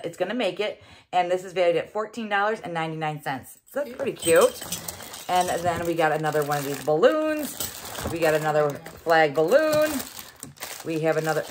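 A woman's voice: lowish voice, fairly bright tone, a little hiss or hum. A middle-aged woman hosting a casual unboxing vlog, chatty and exclaiming as she thinks aloud. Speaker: host.

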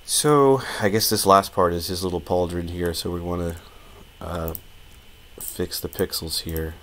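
A man's voice: sits low, steady tone, measured pace, a bit bright, a little hiss or hum. A man casually talking through a live-streamed modeling tutorial, thinking aloud with plenty of fillers and restarts.

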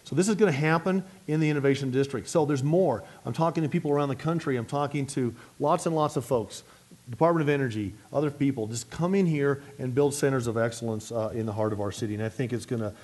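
A middle-aged city mayor delivers an energetic luncheon speech and takes questions, talking fast and often restarting his sentences. His voice is mid-range.

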